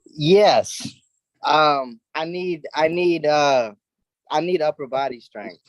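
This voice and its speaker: A man co-hosting a live show, bantering in an animated, boastful, colloquial way. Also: on the high side, slow pace, dry recording, low-quality recording. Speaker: co-host. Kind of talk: casual banter.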